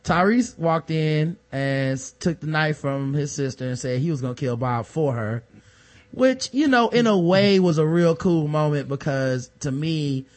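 Male panelist, somewhat high voice with a lively, swooping delivery, jokey and laughing. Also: measured pace. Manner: animated, laughing storyteller. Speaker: podcast panelist. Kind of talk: casual comedic chat.

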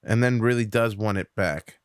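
A man's voice: fairly low pitch, moderate pace, clear, resonant tone, no room sound, studio quality. A man, a comedian guest on a podcast, talking casually and reflectively, rambling a little with fillers as he thinks aloud. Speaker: podcast guest, stand-up comic.

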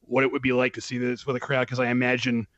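A man in a casual film talk, speaking with excited emphasis and frequent laughter. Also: mid-range voice, fast talker, no echo, lo-fi sound. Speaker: film podcast co-host. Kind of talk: casual chat.

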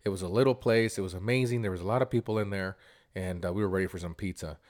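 A man vlogger telling a casual, animated travel story, rambling and repeating words as he goes. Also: low-pitched, fast.

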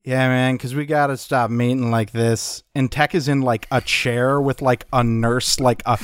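A man's voice: medium pitch, fairly even intonation, normal speed, smooth, dry recording, clean studio sound. A man playing a tabletop game, describing his character's actions in a rambling way full of filler words. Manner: rambling, lots of "like". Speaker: player.

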